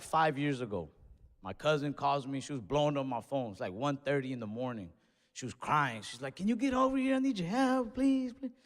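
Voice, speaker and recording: A young man telling a profane story on stage as a stand-up comedian, slipping into acted-out voices. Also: mid-range voice. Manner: animated, acts out other voices, profane and loose. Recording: long hall reverb on stage.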